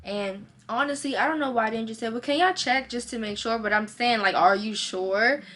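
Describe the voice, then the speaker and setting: Lively young woman vlogging. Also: a little high, brisk. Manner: animated storytelling, acting out both sides. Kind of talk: casual storytime vlog.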